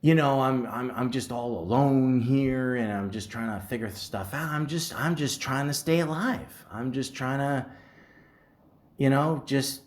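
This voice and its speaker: A woman's voice: a bass voice, unhurried, a little mellow. A man voicing an anxious, lonely woman in hiding, who talks in an earnest, rambling way. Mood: forlorn.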